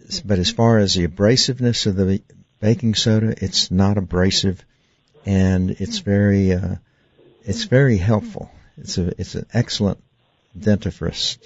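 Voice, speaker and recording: A dentist hosts a call-in radio program, explaining patiently with plenty of fillers and restarts. His voice sits low and gravelly. The studio sound is dry and a little muffled. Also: fairly even intonation, unhurried, no room sound. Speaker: radio talk show host, dentist.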